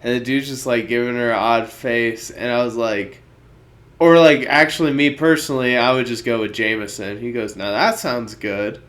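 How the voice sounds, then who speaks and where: A man's voice: mid-range voice, normal speed. A man co-hosting a podcast, telling a story in casual chat and acting out the people in it. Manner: animated, acts out the people in his story. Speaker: podcast co-host.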